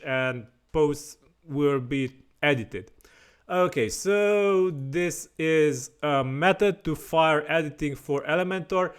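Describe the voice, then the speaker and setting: Man walking through a software tutorial. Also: on the high side, smooth. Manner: plain explaining with frequent fillers and restarts. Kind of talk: screen-recorded software tutorial.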